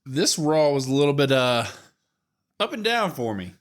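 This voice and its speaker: A man's voice: mid-range voice, sing-song, normal speed. A man co-hosting a podcast who chats casually and gives short, laid-back opinions. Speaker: podcast co-host. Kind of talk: casual wrestling podcast chat.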